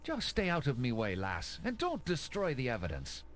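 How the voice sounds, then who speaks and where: An actor playing a brusque, dismissive Irish police detective in an adventure game. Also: male voice, medium pitch, huge pitch swings, moderate pace, a bit bright. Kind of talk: 1990s adventure game voice acting.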